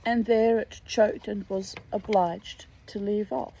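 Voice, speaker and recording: A woman reading a storybook aloud in an expressive, drawn-out way. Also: medium pitch, slight background noise, rough recording. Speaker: reader.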